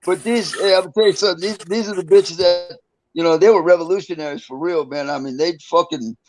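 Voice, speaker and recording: A man's voice: high-pitched, fast, rough recording. Older man telling profane, rambling stories. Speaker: interview guest, former prisoner. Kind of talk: casual storytelling interview.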